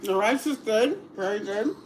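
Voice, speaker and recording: This middle-aged livestream cooking host eats dinner at her dining table at home and talks casually with her viewers, laughing a lot and murmuring over each taste. She speaks at normal speed in a medium pitch. Background noise is present.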